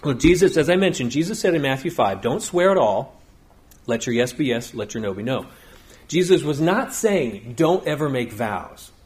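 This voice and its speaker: A middle-aged man preaching in an easy, conversational way. His pitch sits in an ordinary middle range. He slips into the people in his stories, briefly giving them voices. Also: animated, normal speed. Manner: conversational storytelling, acts out quotes. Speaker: pastor. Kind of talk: sermon.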